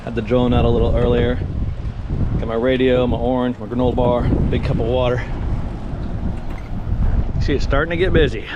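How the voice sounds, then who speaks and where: A young man talking casually to the camera about riding out a storm alone on his sailboat, animated when he tells a story. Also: mid-range voice, moderate pace, pauses often, dull audio, heavy background noise. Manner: chatty, animated storytelling, acts out quoted voices. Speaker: sailboat vlogger. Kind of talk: casual video diary.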